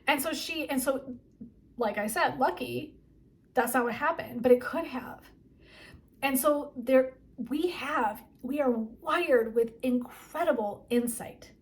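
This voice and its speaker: A woman's voice: high voice, takes it slowly. A woman wellness coach and therapist giving a motivational talk, chatty and emphatic, often asking "right?". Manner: chatty and emphatic, frequent 'like' and 'right?'.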